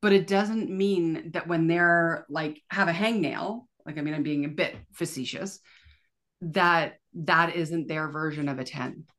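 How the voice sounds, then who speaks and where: A woman from Canada, a podcast guest, talking in a casual, animated way full of "like" fillers. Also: deep voice, measured pace. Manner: animated, chatty, lots of fillers like "like". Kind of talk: casual conversational interview.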